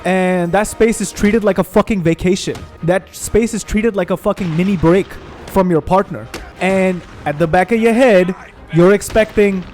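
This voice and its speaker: A young man hosting a gaming channel, ranting in a heated, profane, animated way while he plays. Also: sits high, normal speed, faint music behind. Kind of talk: ranting commentary over gameplay.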